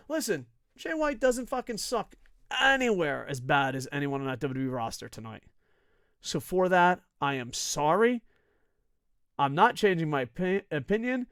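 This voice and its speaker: A man's voice: on the high side, clean tone, no echo. Guy ranting about wrestling, swears a ton, sarcastic, voice jumps all over, dry close mic. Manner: profane, sarcastic, animated. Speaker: wrestling show host. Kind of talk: casual rant to camera.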